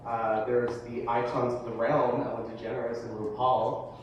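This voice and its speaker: A late-teen student delivers a presentation in a large hall or classroom, cracking self-deprecating jokes while frequently stammering and restarting. His medium-pitched delivery is flat and measured. The recording is echoey and distant, with the highs cut off and slight background noise.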